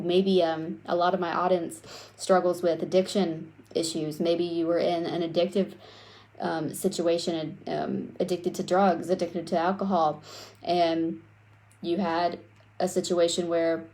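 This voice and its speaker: A woman's voice: on the low side, level tone, a little slow, a little mellow. A woman coaching on self-worth in a casual, conversational way, often tagging her points with "right?" and swearing now and then. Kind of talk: casual teaching talk.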